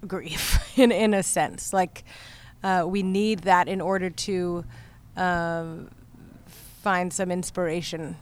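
A woman musician talking about her songwriting in an interview, thoughtful and hesitant with many pauses and fillers. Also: fairly low pitch, steady tone. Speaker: musician guest. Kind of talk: conversational interview.

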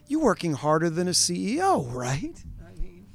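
A middle-aged man interviewing a musical duo, asking rambling, animated questions full of asides. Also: high voice, moderate pace, creaky. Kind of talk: conversational interview.

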